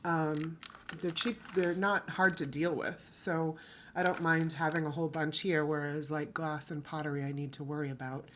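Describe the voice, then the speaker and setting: Woman from the US, low-ish voice, rambling haul vlogger, faint room hum behind. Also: flat delivery, moderate pace, fairly bright tone. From United States. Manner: chatty, rambling, self-correcting. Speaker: thrift reseller vlogger. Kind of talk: casual haul chat.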